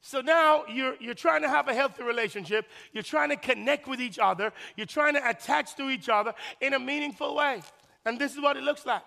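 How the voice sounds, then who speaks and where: Brief: male pastor, very high gravelly voice, preaching in a church with long hall reverb. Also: fairly quick. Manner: preaching with shouted peaks and hushed drops; acts out the couple's voices. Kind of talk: sermon.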